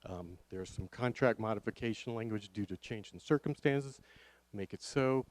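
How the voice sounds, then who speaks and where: A man's voice: lowish voice, normal speed. A man at a town meeting, speaking briefly and matter-of-factly to close a topic.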